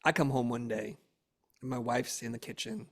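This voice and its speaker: A man's voice: medium pitch, moderate pace, creaky. A middle-aged man, an interview guest, telling a casual family story and acting out the dialogue animatedly. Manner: animated, acts out dialogue in raised voice.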